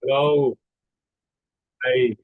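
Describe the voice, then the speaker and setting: A man from Mexico joining by livestream to read a written tribute, hesitant at first, then steady and poetic. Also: mid-range voice, extremely slow, phone-quality sound. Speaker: family friend giving a tribute. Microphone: livestream connection.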